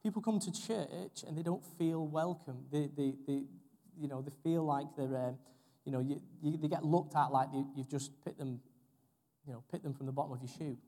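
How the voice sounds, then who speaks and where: A man's voice: fairly high pitch, normal speed, warm tone. A young man preaching a sermon in a church, earnest and repeating phrases for emphasis. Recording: long hall reverb.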